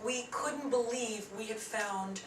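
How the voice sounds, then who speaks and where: A woman from the production team, telling a story with brisk enthusiasm. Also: a little high. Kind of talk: post-show interview. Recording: roomy, from far off, light noise.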